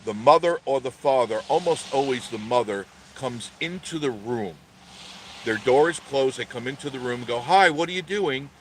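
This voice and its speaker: A man's voice: mid-range voice, normal speed, slight background noise. A man hosting a casual vlog, telling a story in a rambling way with many restarts and self-corrections. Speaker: channel host.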